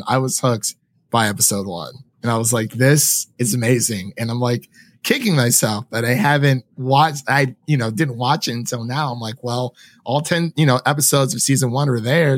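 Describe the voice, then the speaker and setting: A man's voice: mid-range voice, fairly bright tone, dry recording, clean studio sound. A man hosting a podcast, chatting casually and enthusiastically, rambling with lots of "like" and quoted asides. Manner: rambling, enthusiastic, heavy use of "like". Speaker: podcast host. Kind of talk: casual chat.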